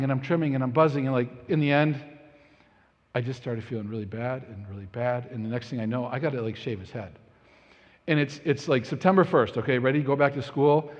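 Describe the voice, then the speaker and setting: A man in his thirties preaching a sermon as a casual, self-deprecating story about his own blunders. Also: fairly high pitch. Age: 30s. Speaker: pastor. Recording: dull audio in a reverberant hall.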